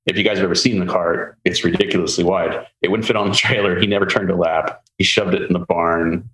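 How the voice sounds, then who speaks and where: A man hosting a podcast, telling a long car story in a casual, animated way and acting out the people he quotes. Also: deep voice, quick pace. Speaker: podcast host. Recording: roomy with faint ambient noise.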